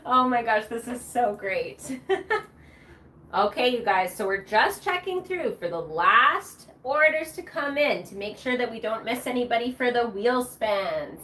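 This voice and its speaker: A woman's voice: fairly high pitch, expressive, unhurried, sharp tone. A woman hosting a live shopping show, bubbly and chatty, cheering during the prize wheel spins. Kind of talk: upbeat live sales presentation.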